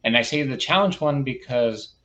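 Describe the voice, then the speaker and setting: A man's voice: mid-range voice, expressive, moderate pace, a bit bright. A male teacher telling a classroom story with animation, acting out bits of dialogue, with many fillers and restarts. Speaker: teacher, podcast guest. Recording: lo-fi, muffled audio.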